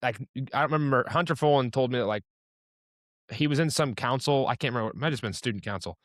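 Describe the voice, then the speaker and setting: A man's voice: medium pitch, fast, a bit bright, dry recording, clean studio sound. A young man hosting a casual interview, asking teasing questions and chatting with friends.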